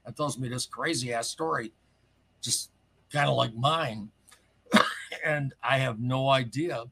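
Gravelly, excitable man rambling through a story. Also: mid-range voice, slow. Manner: rambling, excitable, lots of asides. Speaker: caller telling his story. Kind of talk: casual storytelling.

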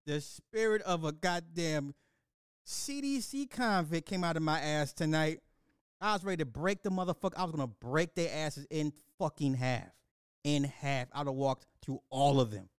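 A man with a fairly high voice rants through a casual movie review, swearing freely and breaking into laughter between lines. His delivery is loose and animated, and the recording is dry and close, with no room sound. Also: normal speed, clean tone, no room sound. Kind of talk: casual profane rant to camera.

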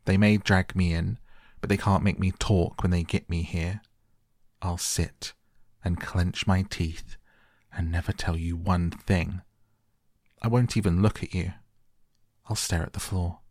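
A man's voice: low-pitched, fairly even intonation, measured pace, darkish tone, no room sound, studio quality. A man voicing a sour, stubborn little girl who snaps out fierce retorts.

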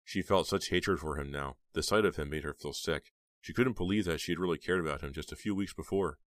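A man narrating a horror novel as an audiobook in a steady, measured way. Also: rumbling low, no room sound, clean studio sound.

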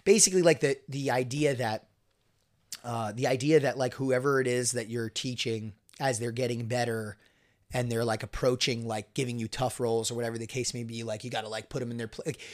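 A man's voice: medium pitch, fairly even intonation, brisk. A young man in a casual podcast chat, rambling with many fillers and frequent swearing. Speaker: guest co-host, grappler.

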